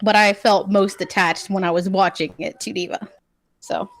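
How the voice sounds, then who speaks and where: A woman's voice: mid-range voice, steady tone, normal speed, dry recording. A woman guest on a live streamed chat show, talking candidly and laughing easily. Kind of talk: casual chat. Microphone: streaming mic.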